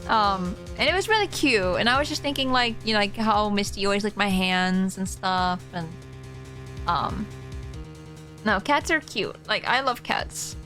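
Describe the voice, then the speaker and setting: A woman's voice: mid-range voice, expressive, measured pace, pushed and bright, soft background music. A young woman streaming a game, chatting casually and giggling, with lots of "like" fillers. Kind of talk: casual gaming stream chat.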